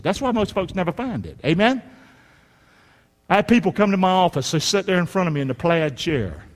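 A middle-aged male pastor preaching a sermon in a folksy way, rising to shouts and dropping to near-whispers. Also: a little high. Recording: long hall reverb.

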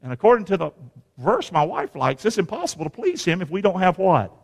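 Animated preacher in a reverberant hall. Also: male voice, high voice, a little fast, gravelly. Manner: preaching with call-and-response questions to the congregation; rises to shouting at climaxes. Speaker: pastor. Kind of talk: sermon.

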